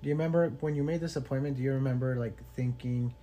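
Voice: mid-range voice, steady tone, quick pace, mellow, slight background noise. Curious podcast host. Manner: curious, asks follow-up questions. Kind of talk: casual interview.

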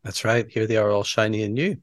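A man's voice: lowish voice, brisk, no echo, clean studio sound. A man co-hosting a podcast, casually retelling movie scenes step by step and laughing often. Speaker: podcast co-host. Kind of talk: casual movie recap chat.

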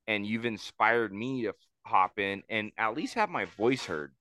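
A man's voice: lowish voice, expressive, normal speed, sharp tone, no echo. Man, podcast chat, blunt and profane, emphatic, dry close sound. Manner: blunt, heavy swearing, emphatic.

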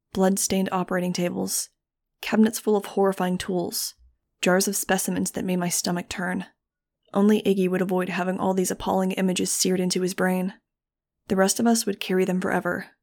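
A woman narrating a first-person audiobook in a measured, grave storytelling manner. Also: medium pitch, completely flat delivery, gravelly, darkish tone. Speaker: audiobook reader.

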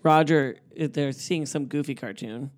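A relaxed co-host chimes in to fill out a film recap and adds dry jokes along the way. The voice sits at a middle pitch, and the recording is dry and close. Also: a little slow, dry recording. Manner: relaxed, dry humor, chimes in to finish the story. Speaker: podcast co-host. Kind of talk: casual film recap chat.

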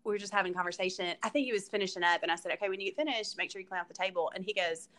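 A woman with a Southern US accent, co-hosting a podcast and telling family stories in an animated, laughing way. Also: medium pitch, very fast, slight background noise. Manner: animated storyteller, laughs often. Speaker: podcast co-host. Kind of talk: casual chat.

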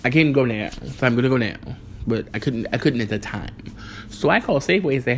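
A man's voice: mid-range voice, fast, slight background noise. A man telling a rambling, exasperated story in a casual vlog, acting out the people in it. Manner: animated, exasperated storytelling with voiced asides. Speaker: vlogger.

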